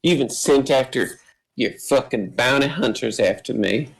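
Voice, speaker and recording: A man's voice: mid-range voice, animated, vocal fry, low-quality recording. A man doing a cold, defiant young woman. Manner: firm, measured, without stutter.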